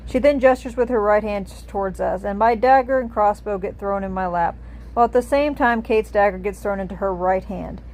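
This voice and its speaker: A woman reads a fantasy text adventure aloud, narrating in the first person. Her voice is mid-pitched and steady, with a clear, even delivery. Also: a little fast, poor audio.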